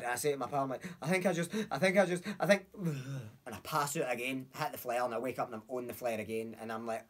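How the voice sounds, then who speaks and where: A young man with a Glasgow accent, telling a story in a casual chat, animated, acting out voices and swearing freely. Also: medium pitch, quick pace. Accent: Scottish, Glasgow. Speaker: podcast guest.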